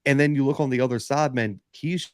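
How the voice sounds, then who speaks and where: Dude arguing football on a podcast, punchy repeated points, dry mic. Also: male voice, medium pitch, quick pace, no echo. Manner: emphatic, builds arguments in repeated phrases. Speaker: podcast co-host. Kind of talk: casual sports analysis.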